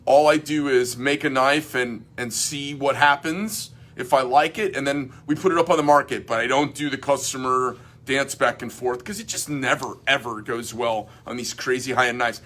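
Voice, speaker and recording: A man's voice: medium pitch, normal speed, few pauses. A middle-aged man who owns a knife company, reading customer emails aloud and commenting bluntly in casual chat. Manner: blunt, rambling, animated asides.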